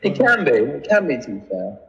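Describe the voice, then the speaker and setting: A man's voice: mid-range voice, wildly swooping pitch, fairly quick, gravelly, fairly bright tone, long reverb tail, muffled recording. A man as a podcast guest, chatting casually with rambling, laughing asides. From England. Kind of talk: casual chat.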